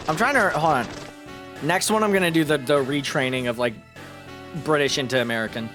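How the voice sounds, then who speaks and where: A man's voice: medium pitch, expressive, quick pace, music in the background. Guy streaming a game, chatty, swears a lot, voice jumps all over. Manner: chatty, profane, self-mocking. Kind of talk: casual gameplay commentary.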